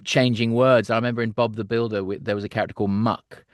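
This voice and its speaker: A middle-aged man, a voice actor, chatting in an interview as an animated storyteller who laughs often and slips into character voices. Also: fairly low pitch, quick pace, dry recording, studio quality. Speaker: voice actor, guest. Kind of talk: casual interview chat.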